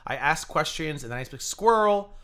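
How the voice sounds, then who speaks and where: Livestream host, man, swears a lot, fast sarcastic rant, higher pitch. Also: lively intonation, a bit bright. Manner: profane, rapid and sarcastic. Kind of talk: ranting livestream commentary.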